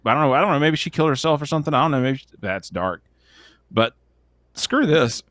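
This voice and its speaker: A man's voice: fairly high pitch, lively intonation, quick pace, fairly bright tone, no echo, clean studio sound. A man co-hosting a casual movie podcast, joking and going off on tangents. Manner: joking, tangent-prone, swears lightly. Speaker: podcast co-host. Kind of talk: casual movie review chat.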